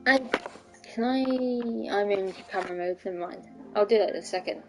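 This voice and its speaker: There's music in the background and the recording is rough as a young woman streams, chatting aimlessly, restarting often and swearing casually. Her voice is mid-range and her pace moderate.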